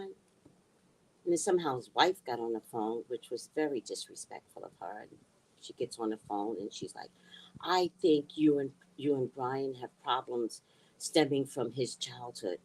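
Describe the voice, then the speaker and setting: A middle-aged woman telling a personal story in a blunt, heated way, swearing freely and swinging from hushed asides to near shouting. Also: a bass voice, expressive, moderate pace, husky, poor audio. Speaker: spiritual reader and vlogger. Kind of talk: casual storytelling rant.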